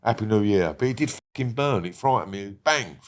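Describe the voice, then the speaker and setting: A middle-aged man guesting on a casual podcast interview speaks fairly quickly and bluntly, swearing heavily. He often drops to a quiet, low murmur.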